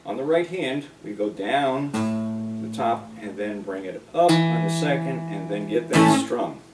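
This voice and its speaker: A male guitar teacher talks through chords and strumming at an unhurried pace, now and then singing a line as he plays. He sits a little back from the mic in a roomy space. His own guitar rings loud beneath his voice. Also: mid-range voice, lively intonation, far from the mic. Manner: unhurried, explains while playing, breaks into singing. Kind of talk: relaxed guitar lesson, talking and singing along. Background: his own guitar playing.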